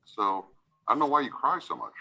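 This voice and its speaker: A man's voice: mid-range voice, wildly swooping pitch, brisk, vocal fry, bright, forceful tone, husky, poor audio. A man serving as judge, giving a stern courtroom lecture and repeatedly asking "right?" to press his point.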